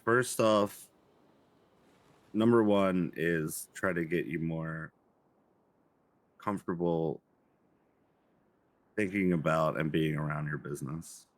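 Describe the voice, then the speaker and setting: A man playing a calm therapist in a roleplay, speaking gently and hesitantly with frequent restarts. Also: a bass voice, slow pace, long pauses. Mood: gentle, reassuring. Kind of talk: GTA roleplay stream acting.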